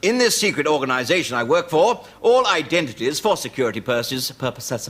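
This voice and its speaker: A man, a comedian, trades dry, teasing quips between takes. His pitch swings very widely. The old recording has clear hiss and clicks. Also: big pitch swings, a little fast. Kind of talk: joking banter on set. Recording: noisy old studio recording.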